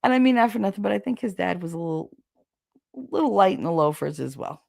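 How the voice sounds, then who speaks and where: A woman's voice: medium pitch, lively intonation, fast talker, gravelly, a little mellow, no room sound, studio quality. A woman hosting a podcast, telling gossipy, frank family stories in a casual chat and laughing often. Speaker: podcast host.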